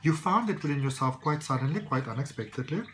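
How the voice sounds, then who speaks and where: Man, tarot reader, casual reading, rambling, reassuring, medium pitch, faint noise behind. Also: lively intonation, fast talker, fairly bright tone, low-quality recording. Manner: rambling, reassuring, many fillers.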